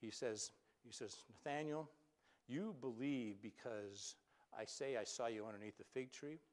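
A male pastor preaching a sermon, telling Bible stories with animated, acted-out quotes and some stammered restarts. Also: medium pitch, unhurried.

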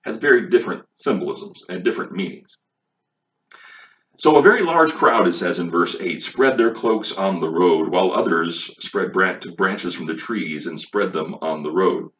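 A man's voice: sits low, moderate pace, a bit bright, a little hiss or hum. A man preaching a sermon, emphatic and full of rhetorical questions, recorded on a distant mic with a dull, lo-fi sound. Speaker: pastor.

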